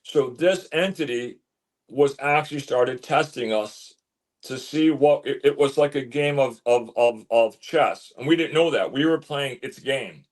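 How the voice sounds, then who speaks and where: A man telling a story as an interview guest, animated, stumbling and repeating words as he goes. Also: medium pitch, unhurried. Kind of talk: casual storytelling.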